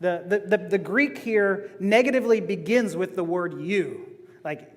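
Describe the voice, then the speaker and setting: A man preaching a sermon as pastor, animated and laughing as he goes. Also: high-pitched, moderate pace, long reverb tail. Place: church sanctuary.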